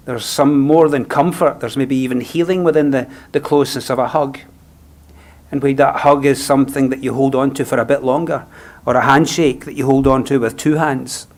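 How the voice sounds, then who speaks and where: Gentle Scottish man giving a eulogy. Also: mid-range voice, fairly even intonation. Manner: gentle, reflective, unhurried phrasing. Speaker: funeral celebrant. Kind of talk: funeral eulogy.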